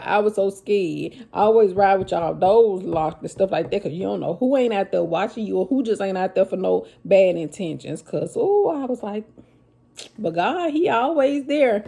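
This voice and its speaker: A woman telling her own story to viewers in a casual, animated vlog. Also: medium pitch, moderate pace, gravelly, breathy edge. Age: adult with children. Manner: animated, addresses viewers as y'all, Southern US vernacular.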